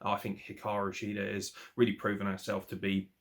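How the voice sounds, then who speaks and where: A man's voice: fairly low pitch, fairly quick. A man hosting a wrestling review podcast, talking in a casual, opinionated way with lots of swearing and mocking asides. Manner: animated, sweary, mocking impressions.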